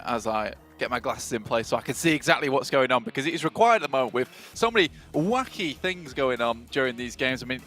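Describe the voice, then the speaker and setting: A man casting a live esports match in a chatty, relaxed way. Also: medium pitch. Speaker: esports caster.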